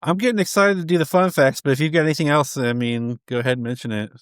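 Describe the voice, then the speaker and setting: A man co-hosting a casual movie review chat, lively and quick to laugh at favorite lines. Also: a little high, smooth, dry recording, clean studio sound. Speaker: co-host of a movie review show.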